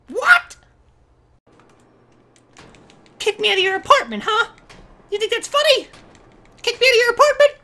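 A shrill, sky-high voice for a manic man in a hazmat suit, put on by a gameplay video maker. He chatters about himself in the third person, flipping from giddy cheer to sudden outrage. The tone is bright and cutting, a comic game role-play. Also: full character voice. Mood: indignant. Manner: refers to himself in third person, erratic swings between glee and rage. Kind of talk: comedic role-play over online gameplay.

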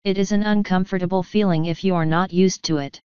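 A woman voicing a calm, confident young woman who speaks in a playful, self-assured way. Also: on the low side, brisk, smooth, no echo, lightly acted. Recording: dull lo-fi, dry.

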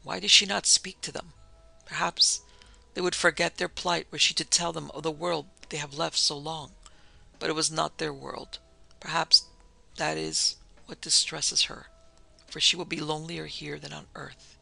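A man voicing an aged, weary country priest who speaks in earnest, sorrowful musing, in a gravelly voice. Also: fairly high pitch, flat delivery, normal speed, sharp tone, faint music behind, heavily acted, rough recording. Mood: troubled wondering.

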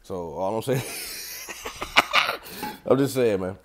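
Low-voiced young man. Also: brisk, heavy background noise. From Atlanta, USA. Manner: loose, slangy and profane, talks straight to viewers. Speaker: vlogger. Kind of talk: casual rambling vlog.

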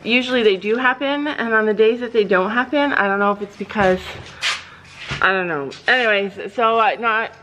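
A woman chatting to the camera in a casual vlog, her voice sitting at an ordinary middle pitch. She tells stories in a loose, rambling way and often restarts her sentences. When she turns to her animals, she lifts into a high, sing-song tone. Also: normal speed, dull audio, noisy background. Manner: rambling storytelling with frequent restarts. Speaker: vlogger and horse owner.

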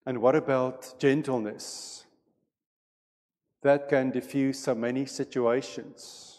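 A man preaching a sermon as pastor, with a measured and deliberate delivery in a church sanctuary. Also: mid-range voice, little pitch movement, darkish tone. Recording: long reverb of a church hall.

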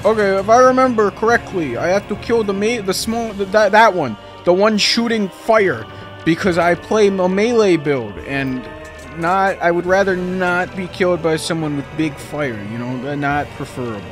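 A young man talks over his gameplay in a loose, rambling way, joking at his own expense. His voice sits a little higher than most men's. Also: moderate pace, faint music behind. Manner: rambling, jokey, self-mocking. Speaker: gaming video creator. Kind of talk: casual gameplay commentary.

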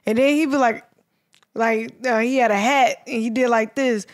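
A woman's voice: a little high, steady tone, moderate pace, dry recording, clean studio sound. A woman co-hosting a casual podcast chat, telling stories and acting out quotes in a raised voice. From American South. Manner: storytelling, acts out quotes in a raised voice. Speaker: podcast co-host.

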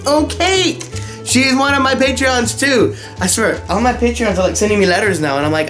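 A young man, a voice impressionist, excitedly reading fan mail in a casual way. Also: very high-pitched, normal speed. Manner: excitable, animated, swings to emotional. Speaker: voice impressionist YouTuber. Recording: music bed underneath.

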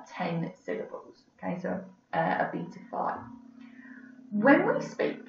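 A woman teaching a recorded English lesson over slides, chatty and full of fillers, checking "okay?" as she goes. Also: medium pitch. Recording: roomy, distant, dull lo-fi audio with faint background noise.

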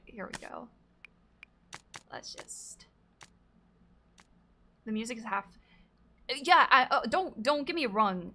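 A woman's voice: medium pitch, sharp tone. A woman streaming a game, chatting casually with her viewers in a scattered, swearing way. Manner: scattered, swears, talks to chat. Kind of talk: casual gaming livestream chat.

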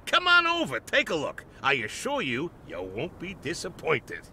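An actor playing a pushy, fast-talking male creature salesman in a video game. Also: huge pitch swings, pushed and bright, a little hiss or hum, full character voice. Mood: smarmy pitch. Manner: pushy sales-pitch patter.

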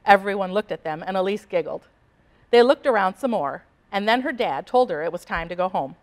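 A woman reading a picture book aloud to children in an expressive, animated storytelling voice. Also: medium pitch, a little fast. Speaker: storybook reader.

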